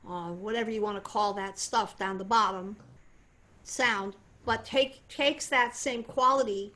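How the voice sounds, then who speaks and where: An older woman voice teacher explaining singing technique in a conversational, animated way. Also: medium pitch. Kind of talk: voice lesson demonstration and explanation.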